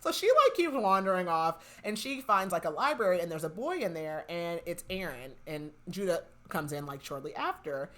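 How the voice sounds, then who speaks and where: A woman's voice: fairly low pitch, big pitch swings, moderate pace, hardly any pauses, a bit bright. A young woman hosting a podcast, casually retelling a novel's plot and filling her speech with "like". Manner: chatty, heavy use of "like", retells scenes with quoted lines. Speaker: podcast host. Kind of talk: casual book recap.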